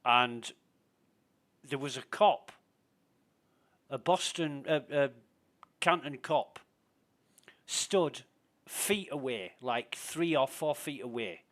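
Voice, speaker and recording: A man's voice: medium pitch, expressive, takes it slowly, pauses often, fairly bright tone. A man streaming a game and chatting casually with a friend, telling long stories with plenty of swearing. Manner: rambling storyteller, swears freely. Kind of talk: casual voice chat while gaming.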